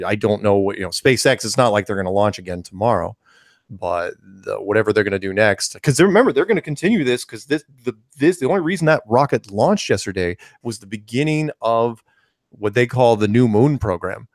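Animated man telling stories in podcast chat. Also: lowish voice, brisk, dry recording, clean studio sound. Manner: animated storytelling, frequent restarts and fillers. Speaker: co-host. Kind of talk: casual conversational podcast.

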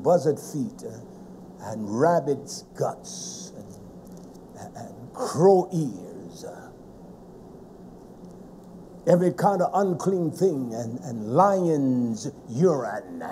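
A man preaching a dramatic sermon, repeating phrases and rising to shouts. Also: fairly high pitch, a little hiss or hum.

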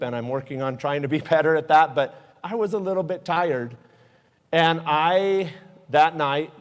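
A man's voice: fairly high pitch, clean tone. A man giving an earnest, emotional aviation safety talk to a live audience, telling stories. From Utah. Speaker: guest speaker. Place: hangar event space. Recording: echoey hall with long reverb.

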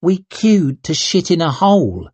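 A man's voice: fairly high pitch, big pitch swings, unhurried, darkish tone, slightly rough, dry recording, pitched above the performer's own voice, heavily acted. A man voicing a blunt, cheeky young woman in an audiobook, teasing and plain-spoken.

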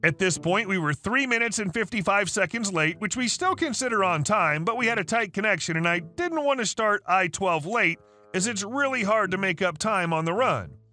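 A male synthetic-sounding voice reading online stories aloud in an even manner, speaking the dialogue tags out loud. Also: high voice, normal speed, soft background music. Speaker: story narrator.

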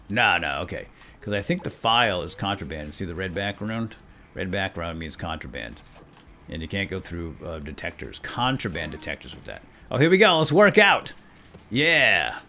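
Excitable man narrating gameplay. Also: low-pitched. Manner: excitable, jokey, reads game text aloud. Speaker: let's play host. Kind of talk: gameplay commentary.

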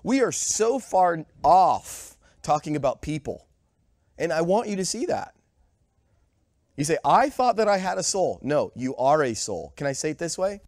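A man's voice: on the high side, big pitch swings, unhurried, a little mellow, dry recording, studio quality. A man giving a conversational sermon with a cold, quizzing the congregation and sometimes short of breath. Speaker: pastor. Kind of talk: sermon with audience questions. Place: church sanctuary.

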